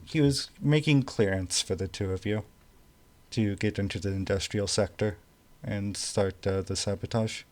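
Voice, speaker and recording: A man narrating a tabletop game as game master, halting and full of fillers. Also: lowish voice, a little mellow.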